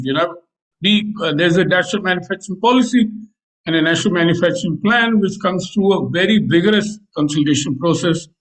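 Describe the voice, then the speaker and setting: A man with an Indian English accent speaking on a panel about economic policy, pausing often with fillers. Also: high voice, poor audio. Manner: hesitant, many fillers. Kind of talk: panel discussion.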